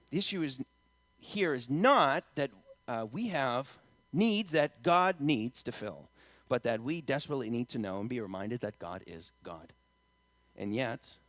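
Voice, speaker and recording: A man preaching a sermon as pastor, rising to loud emphatic lines and dropping to a quiet storytelling tone. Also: dry recording. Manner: emphatic preaching, getting louder and higher on key lines; drops to quiet storytelling in the anecdote.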